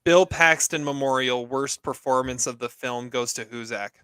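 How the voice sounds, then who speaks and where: Smooth-voiced easygoing man, dry sound. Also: mid-range voice, moderate pace, a bit bright, dry recording. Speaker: podcast co-host. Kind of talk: casual movie review chat.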